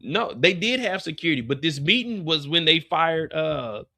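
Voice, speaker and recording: A man's voice: a little high, moderate pace. A man hosting a live after show, recapping an episode casually and acting out the characters' lines as he goes. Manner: animated storyteller, acts out characters' lines.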